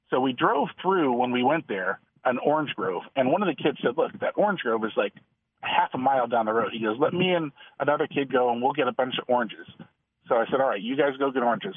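A middle-aged man, a guest author, telling a lively story and acting out the dialogue in a radio interview. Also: medium pitch, fairly quick, no room sound. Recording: husky, dry, phone-line sound.

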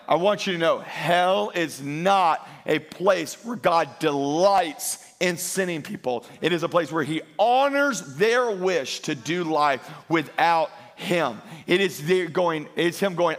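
A man preaching a sermon as pastor, emphatic, slowing and lifting his voice on key lines. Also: on the high side. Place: church.

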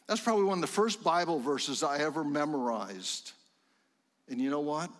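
A middle-aged man preaching a sermon in a church sanctuary, fervent and rising to excited exclamations. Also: a little high, normal speed, big-room sound. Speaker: pastor.

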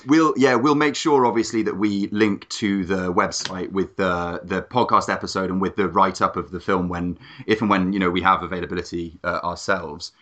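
A man co-hosting a podcast, chatting casually with jokes and quick asides. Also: sits low, fairly even intonation, fairly bright tone. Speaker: podcast co-host.

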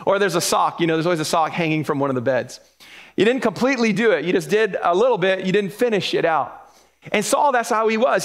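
A man preaching a sermon in church, lively and animated, acting out the people in the Bible stories. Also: high voice. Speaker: pastor.

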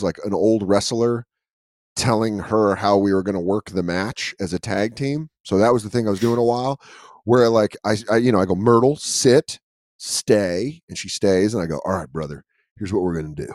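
A man hosting a casual chat, telling animated stories with casual swearing. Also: on the low side, no room sound, studio quality. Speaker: podcast host.

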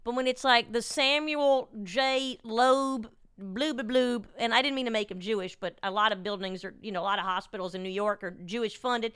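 A woman's voice: fairly high pitch, moderate pace, few pauses, fairly bright tone, clean tone, dry recording, studio quality. A woman hosting a casual interview, blunt and opinionated, swearing freely as she muses aloud. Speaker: podcast host.

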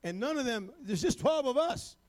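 A man preaching a sermon, building to shouted, rhythmic refrains and sprinkling his lines with "amen" and "uh". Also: very high-pitched, expressive, moderate pace.

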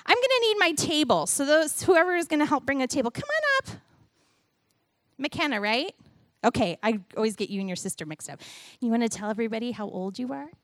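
A middle-aged woman giving a sermon with a children's object lesson, animated and playful as she talks to the kids and the congregation. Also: a little high, fairly quick, no echo, clean studio sound. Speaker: church speaker giving a children's message.

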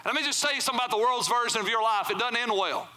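Man, pastor, sermon, high voice, conversational, church. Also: rapid-fire, bright, forceful tone. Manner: conversational preaching with frequent "right?" check-ins to the congregation. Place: church sanctuary.

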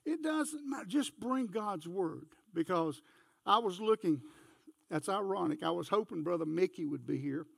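A man's voice: high-pitched, expressive, moderate pace, gravelly, fairly bright tone, breathy edge, no room sound, studio quality. An older man, preaching a folksy sermon full of homespun stories. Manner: folksy storytelling, barks like a dog.

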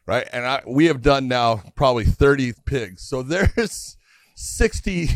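A man's voice: mid-range voice, measured pace, no room sound, clean studio sound. A middle-aged man telling farm stories in casual chat, laughing as he goes. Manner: animated, laughing storyteller. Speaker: podcast guest telling stories.

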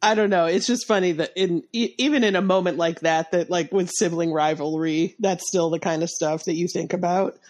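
In a casual book-discussion podcast about a short story, a congested woman speaks briskly with few pauses in a darkish tone on a close boom mic. She's a chatty co-host who laughs a lot, restarts often, and has a slight lisp with spitty sibilants.

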